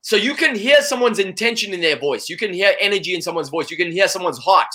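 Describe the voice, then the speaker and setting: A man's voice: high-pitched, lively intonation, fast talker, sharp tone, slight background noise. A man being interviewed in a casual chat, talking with energy and saying "you know" a lot. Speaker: interview guest.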